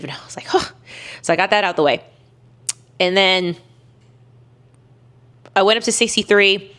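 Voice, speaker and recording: A woman's voice: medium pitch, moderate pace, pauses often, a bit bright. A young woman telling a personal story to camera in a candid, emphatic way, with many fillers and restarts. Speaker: weightlifter vlogger.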